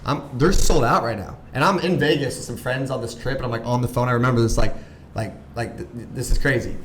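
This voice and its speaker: A man's voice: mid-range voice, fast talker, a little hiss or hum. Chatty man in his thirties, echoey room. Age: 30s. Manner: animated, acts out quoted voices, lots of "like". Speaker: podcast guest. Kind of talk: casual storytelling chat.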